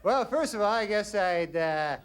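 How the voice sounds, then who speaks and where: A man voicing a creepy, unhinged male bachelor who speaks in a slow, suggestive drawl, in a noisy live stand-up recording. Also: high-pitched, lively intonation. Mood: leering.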